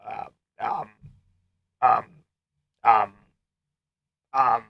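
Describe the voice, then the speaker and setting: A man's voice: mid-range voice, level tone, extremely slow, gravelly, no room sound, lo-fi sound. Young man rambling on a dry stream. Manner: rambling, jokey, reads chat aloud. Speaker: live stream host. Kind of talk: casual live-stream commentary.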